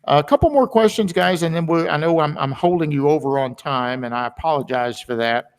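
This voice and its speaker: A man's voice: fairly high pitch, a little fast, clear, resonant tone. A man hosting a webinar in a rambling, chatty way, full of filler words. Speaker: webinar host. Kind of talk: casual webinar talk. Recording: long hall reverb.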